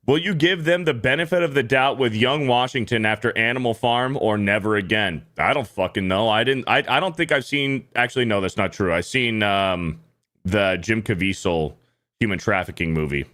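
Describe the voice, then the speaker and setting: A man's voice: lowish voice, moderate pace, fairly bright tone. A man hosting a casual livestream, cursing freely and reading out viewer donations and messages. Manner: profane, loose, reads donor messages aloud. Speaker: show host reading super chats.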